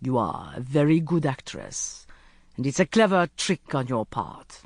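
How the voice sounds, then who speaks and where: An audiobook narrator voicing a cold, arrogant middle-aged sheikh who speaks curtly and with cool politeness. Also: male voice, mid-range voice, sing-song, unhurried, gravelly, dry recording, voice pushed down, exaggerated voice. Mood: amused menace. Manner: curt and coldly polite.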